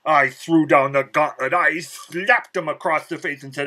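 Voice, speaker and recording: A man telling a comic story as a vlogger, boastful and theatrical, his pitch jumping sharply when he gets excited. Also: unhurried, poor audio. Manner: boastful, self-mocking, many "you know" fillers.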